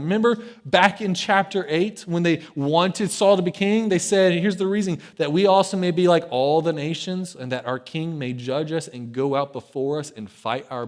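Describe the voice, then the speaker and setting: High-voiced guy preaching, super casual, keeps going "right?". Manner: conversational, keeps checking in with "right?"; animated, acts out the story's voices. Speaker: pastor. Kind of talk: casual storytelling sermon.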